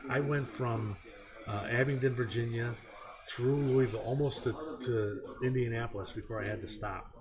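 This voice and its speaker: A man co-hosting a podcast, telling stories in a relaxed, rambling way with many fillers. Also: medium pitch, normal speed, crowd noise. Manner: easygoing, rambling, lots of fillers. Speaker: podcast co-host. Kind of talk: casual chat, storytelling.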